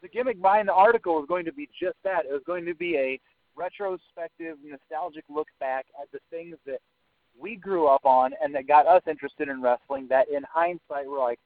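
A man's voice: a little high, a little fast, no room sound. A man casually telling a story as a podcast co-host, swearing freely and saying "like" often. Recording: dry, narrow phone-like sound.

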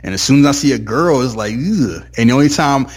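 Talking fast with lively intonation, a man with a medium-pitched voice co-hosts a casual talk podcast. He tells stories in a laid-back way and keeps drifting into impressions of other people.

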